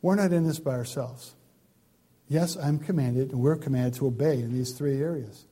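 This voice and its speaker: A man preaching a sermon, emphatic and building lists of words, dropping now and then to a quiet, pleading tone. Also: medium pitch, normal speed, breathy edge. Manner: emphatic, swings from loud stresses to quiet pleading; repeats words in lists for stress. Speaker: pastor.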